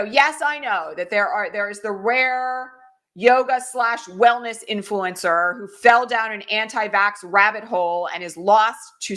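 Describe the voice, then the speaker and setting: A woman's voice: mid-range voice, sharp tone. A woman in her forties hosting a political livestream, talking casually and emphatically, often ending points with "right?" and "okay?". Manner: conversational, frequent tag questions, emphatic.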